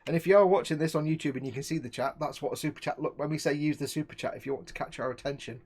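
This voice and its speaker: A man with a somewhat high voice hosts a relaxed group chat on a live stream. He explains at length and slips in jokes. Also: very fast. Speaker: host.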